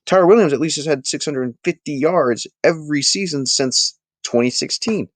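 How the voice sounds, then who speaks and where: A man hosting a casual live sports talk stream, chatting with his viewers and making animated, emphatic points. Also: a little high, moderate pace, dry recording.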